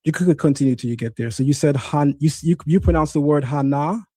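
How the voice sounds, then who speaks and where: A man's voice: fairly high pitch, fairly quick, mellow, breathy edge, no echo. A man hosting a streamed debate, insistent and corrective as he presses a guest on pronunciation. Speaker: host. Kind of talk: livestream debate on Hebrew pronunciation. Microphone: screen-sharing stream setup.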